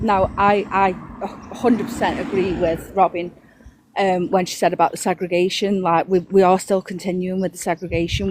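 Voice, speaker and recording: A woman's voice: lowish voice, darkish tone, a little hiss or hum. A woman speaking on a live audio panel, talking casually and earnestly with many fillers.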